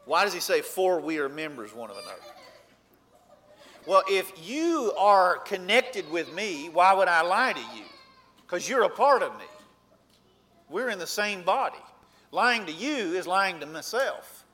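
Bright-voiced preacher man, emphatic. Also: sing-song, a little slow. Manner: earnest, rising to emphatic points then dropping low. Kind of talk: sermon.

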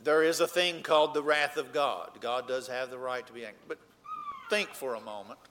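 A man preaching a sermon, earnest, rising to emphatic points and then dropping low. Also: steady tone, brisk, fairly bright tone.

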